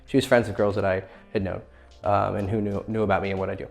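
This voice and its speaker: A man's voice: fairly low pitch, level tone, fast talker, creaky, faint music behind. A young man giving blunt, profane dating advice in a casual vlog. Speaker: dating coach.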